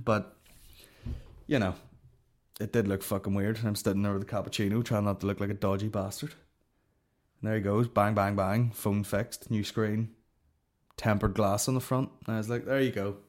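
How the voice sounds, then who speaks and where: A man's voice: on the low side, a little mellow. A Northern Irish man hosting a comedy podcast, ranting casually in a profane, rambling way and swearing constantly.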